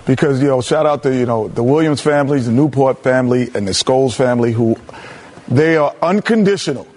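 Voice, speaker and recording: Husky-voiced man giving halftime commentary. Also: mid-range voice, fairly quick, darkish tone. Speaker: basketball analyst.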